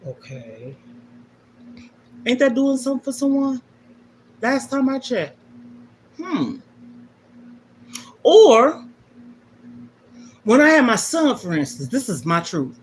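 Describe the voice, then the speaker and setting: A woman's voice: high voice, sing-song, slow, pauses often, slight background noise. A middle-aged woman hosting a livestream, talking emotionally and emphatically to viewers about her life and repeating her key points like a sermon. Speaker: livestream host. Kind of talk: emotional personal talk to viewers.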